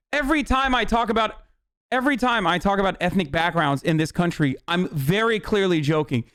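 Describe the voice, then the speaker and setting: Man, casual livestream reaction, profane and joking, smooth voice, dry close sound. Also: sits high, fairly bright tone, no echo. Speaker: streamer reacting to a video.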